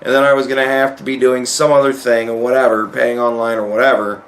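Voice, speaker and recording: A young man telling a profane, animated story to camera in a casual rant, his voice climbing when he relives his anger. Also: mid-range voice, quick pace. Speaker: vlogger.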